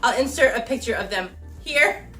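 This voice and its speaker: A young woman YouTuber, recorded at home on a camera mic by another person, gushes and giggles as she opens a gift, emotional and casual. She speaks at a normal pace in a high-leaning, bright, expressive, forceful voice, with faint music in the background.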